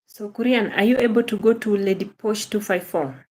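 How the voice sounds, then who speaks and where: A woman's voice: mid-range voice, normal speed, a little mellow. A young Kenyan woman hosting a casual livestream, greeting viewers by name and gushing praise and thanks, repeating her phrases. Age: young adult. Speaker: livestream host.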